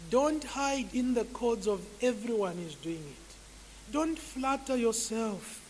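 A man's voice: extremely high pitch, animated, a little mellow. A man preaching a sermon, pleading with his listeners to turn from sin and closing in prayer. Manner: slow, pleading, rising to urgent appeals. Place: church sanctuary. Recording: hall reverb with faint hiss.

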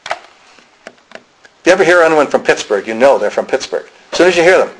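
Husky-voiced preacher with a Pennsylvania accent. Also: male voice, on the high side, big pitch swings, moderate pace, pauses often, poor audio. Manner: dramatic storytelling, acting out quoted voices. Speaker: pastor. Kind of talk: sermon.

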